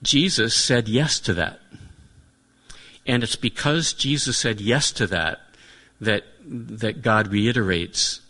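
A man's voice: mid-range voice, slow, bright, forceful tone. A man preaching a sermon in an earnest, reflective way, often restating his points.

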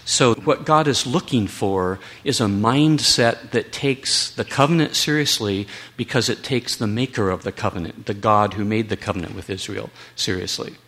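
A man delivers a Bible teaching talk in a fairly low voice. He presses his points earnestly and emphatically, now and then slipping in a wry aside. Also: moderate pace, few pauses, fairly bright tone. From United States.

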